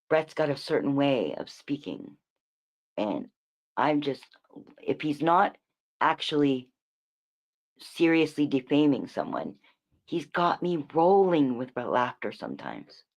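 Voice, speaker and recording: A rumbling low, slightly mellow voice belongs to a woman hosting a livestream, captured in lo-fi sound. She delivers a rambling, profane rant, repeatedly restarting words and swinging from emphatic lines to muttered asides.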